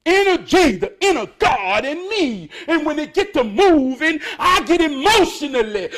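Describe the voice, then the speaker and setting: A man giving an emotional motivational monologue, fervent and preachy, cursing and laughing, swinging between loud outbursts and hushed talk. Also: very high-pitched, big pitch swings, normal speed, few pauses. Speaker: motivational speaker.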